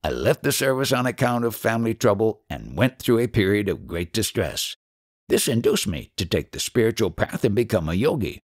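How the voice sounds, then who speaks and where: A man's voice: fairly low pitch, sing-song, normal speed, no room sound, studio quality. A man voicing a proud, emotional former soldier turned yogi who speaks eagerly and boastfully. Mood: earnest.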